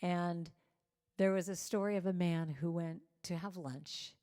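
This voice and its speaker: A woman with a lowish voice preaches through personal stories. She acts out the people in her anecdotes, shifting her voice for each one. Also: measured pace. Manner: animated storyteller acting out quoted voices. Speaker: guest speaker at a church service. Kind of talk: storytelling sermon.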